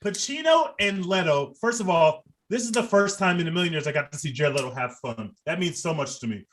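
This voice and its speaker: A man's voice: fairly high pitch, lively intonation, a little fast, a bit bright, a little hiss or hum. A man co-hosting a podcast, reviewing a movie in casual, profane and enthusiastic chat. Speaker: podcast co-host.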